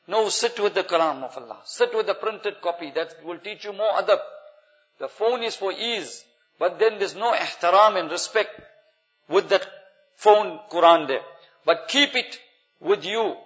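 A man's voice: sits high, a little slow, fairly bright tone, faint music behind. A man giving an earnest, instructive sermon as imam, weaving Arabic phrases into his talk. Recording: echoey hall, dull lo-fi sound.

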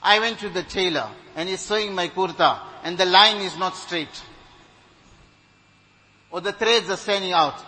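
A man's voice: sits high, a little slow, pauses often, pushed and bright, poor audio. A man preaching a sermon, earnest and exhorting, telling stories with retold dialogue.

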